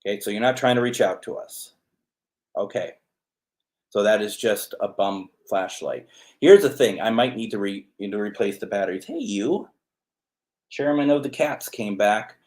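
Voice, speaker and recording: A man's voice: on the low side, normal speed, darkish tone. A man hosting a live spirit box session, chatting casually while calling out to spirits and talking to his cat. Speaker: host.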